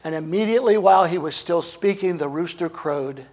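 Male preacher, husky tone, dramatic sermon delivery with big swings in loudness. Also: fairly high pitch, a little fast. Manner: dramatic, swings between emphatic and hushed.

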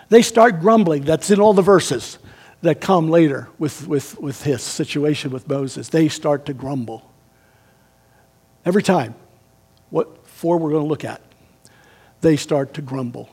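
Male pastor, raspy, higher-pitched voice, emphatic sermon that swings loud and hushed. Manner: emphatic, swings between raised and hushed delivery.

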